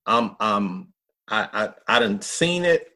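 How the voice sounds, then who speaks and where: A man's voice: fairly low pitch, very animated, slow pace, sharp tone. A middle-aged man, a pastor, telling a personal story in a podcast interview in an earnest, folksy way, acting out what others said. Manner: earnest, folksy storyteller who acts out quotes.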